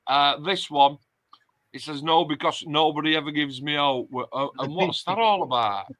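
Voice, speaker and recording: A chatty man hosts a casual livestream and reads out viewer comments. His voice is bright and forward, and he sounds close and dry. He keeps a middle pitch and an easy, joking manner. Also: moderate pace, no room sound. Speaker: host.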